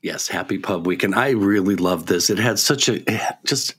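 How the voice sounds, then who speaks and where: A man co-hosting a book podcast, effusive and quick to praise, often restarting his sentences. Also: deep voice, a bit bright, slightly rough. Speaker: podcast co-host.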